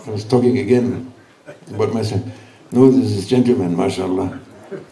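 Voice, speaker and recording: Man, sermon, gentle reassuring tone, broken English, very mellow voice, distant in a large echoing hall. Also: lowish voice, moderate pace, vocal fry, a little hiss or hum. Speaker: sheikh giving a religious talk. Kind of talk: sermon to a gathering. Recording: roomy hall, voice from far off.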